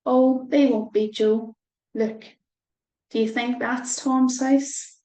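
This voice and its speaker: A woman's voice: a little high, steady tone, slow pace, dark tone. A woman reading a soothing storybook mum. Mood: reassuring. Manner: soothing and encouraging. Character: reassuring mother walking her son. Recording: roomy echo.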